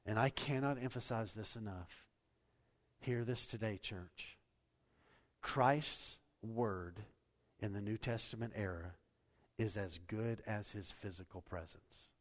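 A male pastor preaching a sermon in a church hall, swinging between soft, low passages and loud, raised ones. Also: takes it slowly. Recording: long reverb of a large hall.

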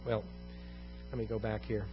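A man's voice: fairly low pitch, level tone, moderate pace, muffled recording, music in the background. A man teaching a congregation in an evening Bible lesson, repeating key phrases for emphasis and putting questions to the room. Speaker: pastor. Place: church room.

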